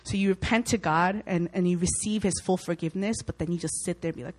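A woman's voice: on the low side, brisk, poor audio. Young woman, Christian speaker; informal, heartfelt Bible talk, conversational, acts out doubts. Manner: earnest, conversational, acts out worried inner voices.

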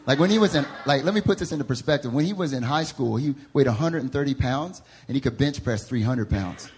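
A young man with a Southern US accent, preaching a sermon to a congregation as a lively, laughing storyteller who acts out the voices in his stories. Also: mid-range voice, fast talker, slight background noise. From American South. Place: church service before a congregation.

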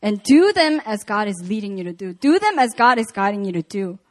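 At a prayer meeting, a woman preaches with a medium-pitched voice, speaking a little fast. She reads scripture and retells it in a casual, animated way.

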